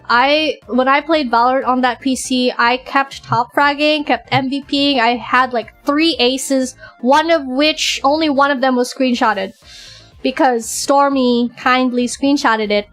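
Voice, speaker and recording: A woman streamer chatting casually and excitedly, acting out her own side of conversations in a raised voice. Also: high-pitched, unhurried, faint music behind. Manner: excitable, animated, quoting others in a raised voice. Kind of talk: casual chat.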